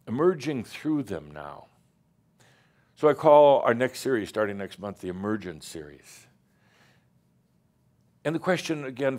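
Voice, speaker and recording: Low-voiced man giving a spiritual talk. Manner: emphatic, rhetorical questions, playful asides, halting restarts. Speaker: spiritual teacher speaking to a live group. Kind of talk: channeled spiritual address. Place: gathering room with online audience.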